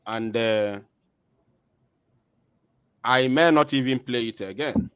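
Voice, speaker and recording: Man, hesitant with fillers, slow pace, dry close sound. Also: medium pitch, fairly bright tone, smooth, no room sound. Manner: hesitant, filler-laden, emphatic questions. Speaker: commentary host. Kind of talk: commentary on a video.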